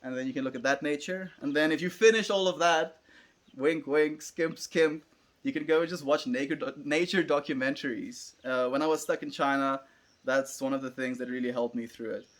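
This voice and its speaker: A man's voice: fairly high pitch, normal speed. A young South African man, an Afrikaans speaker, chatting casually on a livestream and musing as he answers viewers.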